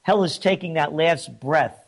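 A man's voice: a little high, a little slow, creaky. A man hosting an opinion commentary, indignant and mocking, his voice rising when he gets riled. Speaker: host.

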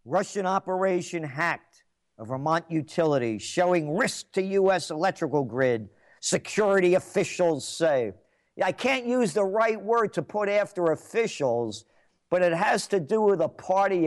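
A man hosting a talk radio show, delivering an angry, mocking rant with sarcastic jabs and bursts of shouting. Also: high voice, lively intonation, moderate pace.

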